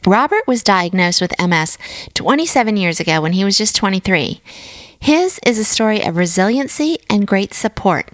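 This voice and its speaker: A woman's voice: medium pitch, animated, moderate pace, no room sound. A woman hosting a podcast interview, chatty and upbeat. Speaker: podcast host.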